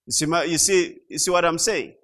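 A middle-aged man preaching a sermon, slow and emphatic, repeating key phrases and rising to loud peaks. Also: fairly high pitch. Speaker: pastor.

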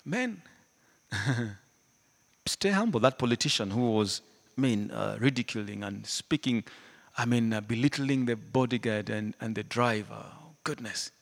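Animated preacher man in a reverberant hall. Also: medium pitch, a little slow, gravelly, long pauses. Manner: animated, swings from loud to hushed, laughs often. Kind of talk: sermon.

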